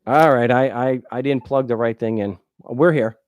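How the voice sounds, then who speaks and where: A man hosting a call-in talk show, encouraging his caller and thinking aloud with halting restarts. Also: mid-range voice, darkish tone, dry recording. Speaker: show host.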